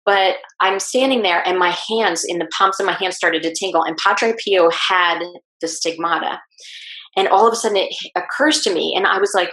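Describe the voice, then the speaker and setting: A woman guest telling a personal story in an interview, lively and acting out what people said. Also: lowish voice, moderate pace. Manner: animated, acts out quoted speech. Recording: roomy echo.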